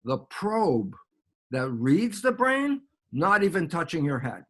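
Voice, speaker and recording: American guy explaining stuff in an interview, fairly high voice, acts out little dialogues. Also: big pitch swings, takes it slowly, a bit bright. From United States. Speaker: guest biologist.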